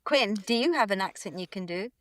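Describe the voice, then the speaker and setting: A woman's voice: medium pitch, expressive, a little fast, no room sound. A British-accented woman from East London hosts a podcast and asks her questions in a friendly, curious way. Her voice sits mid-range. The recording is dry and close. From East London, England. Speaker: podcast host. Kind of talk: casual interview chat.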